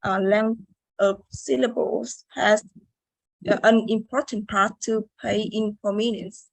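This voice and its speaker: A young woman giving a halting class presentation as a student. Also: medium pitch, steady tone, gravelly, no echo, rough recording. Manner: slow, halting, with fillers. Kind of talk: class presentation on English word stress.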